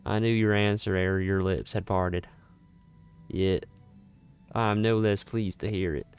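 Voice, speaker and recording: A man voicing a solemn male guildmaster of healing mages in a put-on general Southern US accent, reading game dialogue aloud with formal, measured delivery. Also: deep voice, little pitch movement, a little mellow, clear, resonant tone, soft background music.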